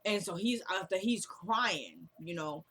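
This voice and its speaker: Excited woman recapping a TV episode. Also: lowish voice, unhurried, a little hiss or hum. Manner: animated, retells scenes playfully.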